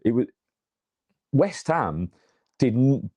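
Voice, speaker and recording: A man co-hosting a casual fan chat after a match, telling stories with animated, rising excitement. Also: mid-range voice, slow pace, slightly rough. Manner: animated storytelling, rises in excitement. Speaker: fan channel co-host.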